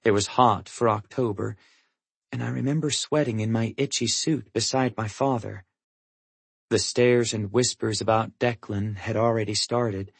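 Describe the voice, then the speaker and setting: A man reading a first-person audiobook, in a measured, somber manner. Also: on the low side, fairly even intonation, creaky, husky, no echo. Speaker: audiobook narrator.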